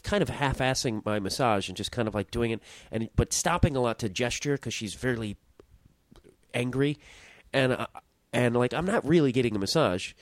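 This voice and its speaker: A man's voice: lowish voice, no echo. A young man hosting his own podcast, telling a story in a rambling, self-interrupting way and swearing casually. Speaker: podcast host.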